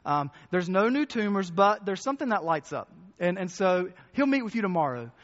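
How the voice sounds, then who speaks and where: A man with a fairly high voice preaches in a loose, conversational way, circling back over his words and putting questions to the congregation. The recording is muffled and carries the long echo of a church hall. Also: very animated, a little fast. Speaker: pastor. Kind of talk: sermon.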